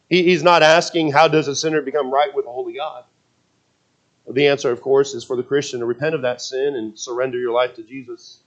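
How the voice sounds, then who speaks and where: A man preaching a sermon, emphatic and repetitive, often restarting his sentences with fillers. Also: on the high side. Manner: emphatic, repeats himself, frequent restarts and fillers.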